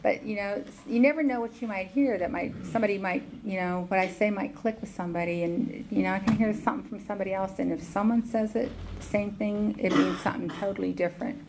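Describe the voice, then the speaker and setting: A middle-aged woman with a Southern US accent giving a personal talk at a recovery meeting, halting, with many ums and restarts. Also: mid-range voice, background noise. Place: meeting hall.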